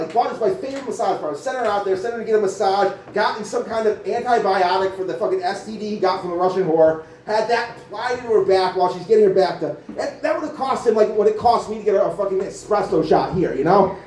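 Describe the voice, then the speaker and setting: A man's voice: high voice, darkish tone, slight background noise. A man doing a rambling, profane stand-up comedy set in a small cafe venue, full of filler words. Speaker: stand-up comic. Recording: echoey room, mic from far off.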